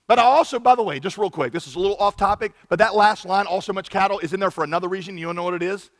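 A pastor preaching a sermon in an animated way, acting out quoted lines with big swings in volume. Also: male voice, high-pitched, racing, big-room sound.

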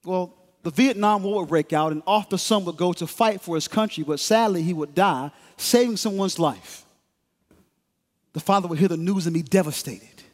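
High-voiced preacher telling a story. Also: male voice, long reverb tail. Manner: dramatic, measured storytelling. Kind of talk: sermon illustration storytelling. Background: music.

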